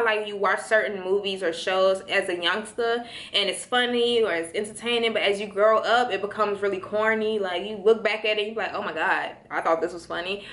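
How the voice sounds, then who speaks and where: A bright, clear-toned young woman from Chicago talks casually and in a slangy way straight to her viewers, calling them y'all. Her voice bounces around a roomy, echoey space. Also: medium pitch. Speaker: vlogger answering viewer questions. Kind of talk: casual chat.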